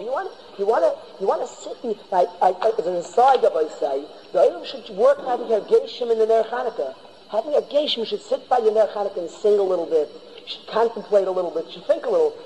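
A man's voice: high-pitched, warm tone. A man teaching a Torah class as a rabbi, emphatic, often repeating and restarting his phrases. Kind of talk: Torah lecture. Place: yeshiva hall. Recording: long reverb of a large hall.

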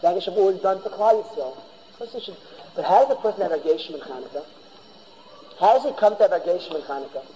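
A man with a high, mellow voice teaches a Torah class as a rabbi, talking very fast and emphatically while often repeating and restarting his phrases. This Torah lecture takes place in a yeshiva hall, and the recording carries the long reverb of a large hall.

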